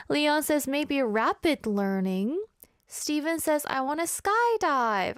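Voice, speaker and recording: A woman's voice: fairly high pitch, dry recording. A woman radio host chatting casually and reading out listener messages, playful and self-mocking. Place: radio studio.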